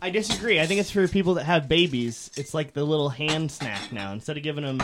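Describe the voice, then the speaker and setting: A male podcast host banters in a teasing, playful way. His voice is fairly high and swings widely in pitch. He's recorded in a studio. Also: expressive, fast talker, fairly bright tone, slight background noise. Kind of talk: casual chat.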